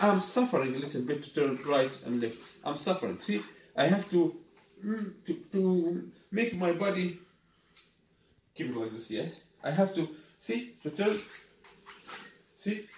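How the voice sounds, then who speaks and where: A man whose first language is Arabic talks through a hands-on product review in a loose, casual way, using non-native English and often checking in with the viewer. His voice sits somewhat high. The recording is roomy and echoey with faint background noise. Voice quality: non-native English, repeats "you got me?". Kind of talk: casual unboxing demo.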